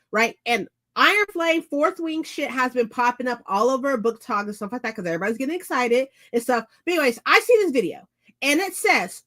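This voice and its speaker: A woman hosting a book vlog, chatting casually to her viewers at home, animated and profane, repeating phrases for emphasis. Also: high-pitched. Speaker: book vlogger host. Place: indoors at home.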